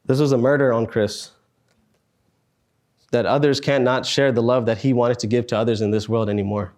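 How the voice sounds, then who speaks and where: A man in his twenties, speaking at a student meetup, telling a personal story in an earnest, halting way with sighs and pauses. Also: mid-range voice, steady tone, darkish tone. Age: 20s.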